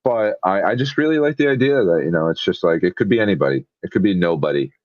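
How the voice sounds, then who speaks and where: A man's voice: low voice, expressive, fast talker, darkish tone, no echo. A man co-hosting a casual podcast chat, rambling enthusiastically with lots of fillers. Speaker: podcast co-host. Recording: dull lo-fi dry sound.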